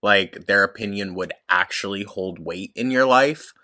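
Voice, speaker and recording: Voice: deep voice, moderate pace, sharp tone. A commentary YouTuber reacting to clips, sarcastic and blunt, swearing often and laughing at the material.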